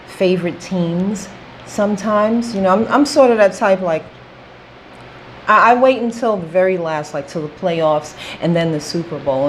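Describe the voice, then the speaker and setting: A woman's voice: mid-range voice, a little hiss or hum, poor audio. A woman talking straight to camera in a casual opinion vlog, emphatic and repetitive, checking in with "okay?". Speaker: vlogger.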